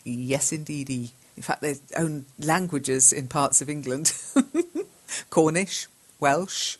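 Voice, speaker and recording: A woman's voice: sits low, takes it slowly. A woman hosting a live English-learning chat, reading learners' messages aloud, correcting their spelling and grammar, and laughing often.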